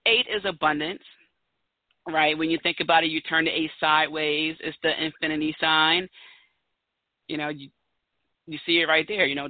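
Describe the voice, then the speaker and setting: A woman's voice: low-pitched, no room sound. A woman in her thirties hosts her own podcast. She talks in a chatty, emphatic way and leans hard on her key points. The sound is tinny and narrow like a phone line, and very dry. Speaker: podcast host. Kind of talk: solo podcast talk.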